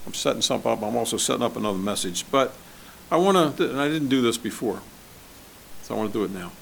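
A man's voice: medium pitch, expressive, fast, creaky, slight background noise. Conversational male pastor preaching. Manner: conversational, asks the congregation questions. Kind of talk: sermon.

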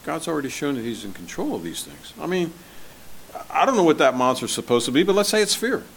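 A man preaching a sermon as pastor, conversational and asking his listeners questions, swinging between loud and soft. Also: a little high, very animated, fast talker, gravelly, a little hiss or hum. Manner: conversational, asks the congregation questions.

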